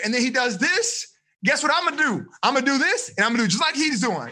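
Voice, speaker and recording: A man working as a life coach, teaching a live seminar in an energetic, animated way and checking in with the audience often. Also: very high-pitched, fast talker. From United States. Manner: energetic, animated, addresses audience with frequent okay and like.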